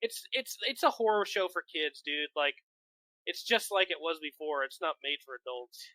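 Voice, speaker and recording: A man's voice: a little high, lively intonation, moderate pace, pushed and bright, no room sound, low-quality recording. A man co-hosting a podcast, chatting casually with lots of filler words and swearing. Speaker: podcast co-host. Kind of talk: casual chat.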